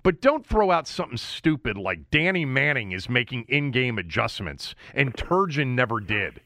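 Animated ranting sports talk man. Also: mid-range voice, normal speed. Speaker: sports radio co-host.

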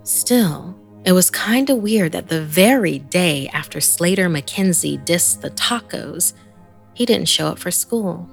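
A woman narrating a first-person horror story in a measured, hushed storytelling manner, sometimes sinking almost to a whisper. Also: expressive, faint music behind. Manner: slow, low and gravelly, dropping to hushed whispers.

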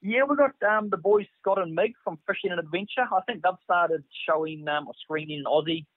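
A man's voice: high voice, a little fast, no room sound. A man, an operations manager, chatting casually and agreeably about his company's boats. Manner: agreeable, promotional. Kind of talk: casual interview over phone. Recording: tinny phone line.

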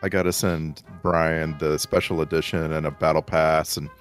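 A man sitting in as guest co-host on a casual podcast, explaining things in a measured way. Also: very deep voice, level tone, soft background music. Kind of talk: casual chat.

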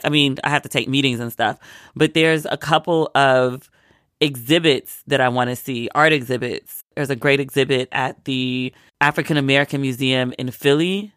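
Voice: mid-range voice, steady tone, moderate pace, a bit bright, smooth, no echo, studio quality. A vlogger from Maryland, sick with a cold, chatting casually and acting out what people said. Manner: chatty storyteller, acts out quoted lines.

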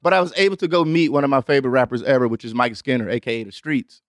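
A young adult man hosting a show, telling a rambling, profane story in an animated way and acting out other people with big jumps in pitch. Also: rapid-fire, no room sound, clean studio sound. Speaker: host. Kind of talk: storytelling monologue.

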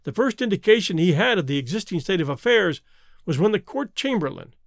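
A male narrator reading a story in lively, expressive audiobook style. His voice is fairly high and swings widely in pitch. The recording is dry and close. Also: a little fast, gravelly, no echo.

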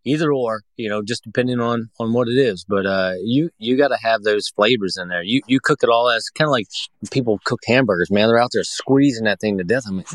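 Low-voiced guy rambling about game meat, lots of ums and restarts, dry close mic. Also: brisk, no echo. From Pacific Northwest. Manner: rambling with many fillers and restarts. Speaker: podcast guest, hunter. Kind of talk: casual chat.

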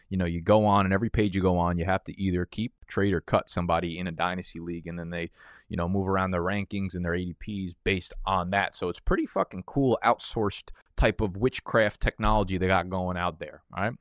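A man's voice: low-pitched, fairly bright tone, clean tone, no echo. A young man hosting a fantasy football show from an office studio, talking in a brash, profane, hyped-up casual way.

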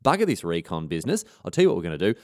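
A man's voice: deep voice, huge pitch swings, very fast, no echo, studio quality, voice pushed down, heavily acted. A man with an Australian accent voicing a cocky, scheming male soldier who swaggers and swears in slang.

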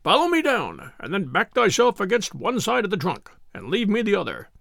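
A man's voice: high-pitched, wildly swooping pitch, fairly quick, gravelly, a bit bright, dry recording, studio quality, exaggerated voice. A medieval king, played by a man reading aloud, speaking with grim resolve in old-fashioned words. His voice rises and falls with energy in this audiobook scene. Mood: resolute. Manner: resolute, archaic speech. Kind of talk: audiobook character voice.

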